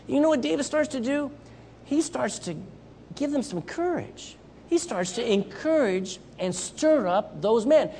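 Speaking a little slowly in an extremely high pitch, a Southern-accented man delivers a missionary sermon with slight background noise behind him. He's animated, playing out the Bible characters as he preaches.

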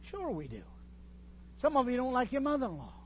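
An older man preaching a folksy sermon in a church, teasing his congregation and pausing to restart his sentences. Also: very high voice, huge pitch swings, a little hiss or hum. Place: church hall.

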